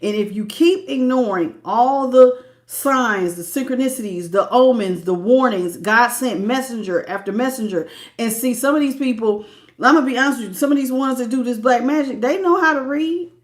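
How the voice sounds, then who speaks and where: A woman speaks in a slightly high voice. She delivers a live tarot reading in an animated, preachy way, often restarting her sentences. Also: normal speed. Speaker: tarot reader.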